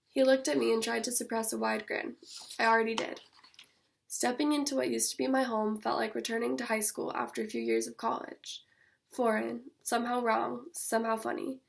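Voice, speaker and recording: A young woman, an author, reading her own fiction aloud in a measured, steady first-person voice. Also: a little high, vocal fry.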